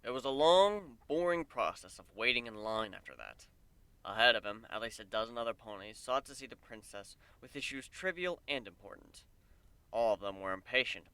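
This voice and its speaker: A man giving a dramatic reading of a story, with expressive narration that swells and drops in loudness. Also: lowish voice, no room sound. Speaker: fan fiction reader.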